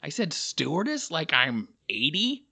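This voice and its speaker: A man's voice: on the high side, huge pitch swings, measured pace, gravelly, sharp tone, slightly rough. A male comedian talking through a casual, rambling monologue, full of fillers and self-deprecating asides. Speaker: comedian and podcast host.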